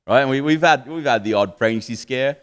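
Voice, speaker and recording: A man's voice: medium pitch, fairly quick, smooth. An Australian man in his twenties doing a stand-up comedy set on stage, with swearing, boozy, self-mocking banter to the crowd.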